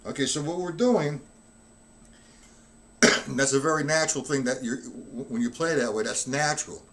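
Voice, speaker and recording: Steady in tone and moderate in pace, a man with a medium-pitched, fairly bright voice gives a live-streamed drum lesson. He's under the weather, coughing from time to time as he counts the beats aloud during his demonstration.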